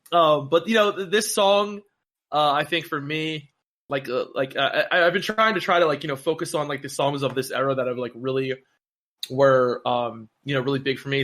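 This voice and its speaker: A man chatting as a podcast guest, telling an animated, rambling story full of restarts. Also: mid-range voice. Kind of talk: casual chat.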